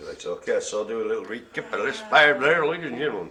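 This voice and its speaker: Lively, bright-voiced bingo host. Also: male voice, medium pitch, quick pace, a little hiss or hum. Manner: jokey, teasing banter. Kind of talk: live-streamed bingo calling.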